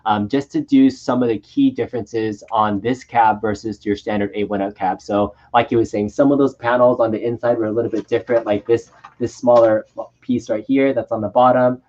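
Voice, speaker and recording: A man's voice: mid-range voice, steady tone, a little fast, darkish tone, lo-fi sound. A man hosting a live modding stream, giving casual, rambling play-by-play commentary with many fillers. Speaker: stream host and moderator.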